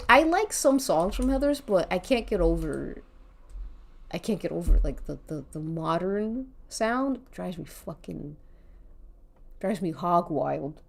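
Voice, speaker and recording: A woman's voice: fairly low pitch, gravelly. A woman streaming while she draws, chatting casually, rambling and thinking aloud, with casual swearing. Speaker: art streamer.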